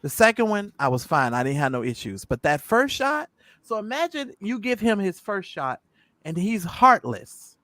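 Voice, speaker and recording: A man's voice: high-pitched, very animated, normal speed, bright, forceful tone, no room sound. A man co-hosting a casual opinion chat, blunt and profane, hammering his points hard. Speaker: co-host.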